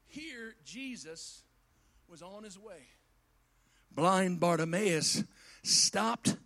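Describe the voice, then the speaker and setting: A man with a high-pitched voice preaches to his congregation in a folksy style, speaking to them directly. He swings between quiet asides and shouted climaxes.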